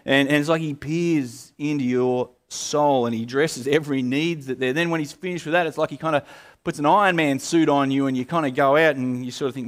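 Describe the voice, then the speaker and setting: A male pastor, preaching in a relaxed, conversational way, full of fillers and restarts. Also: fairly high pitch, a little fast. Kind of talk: sermon.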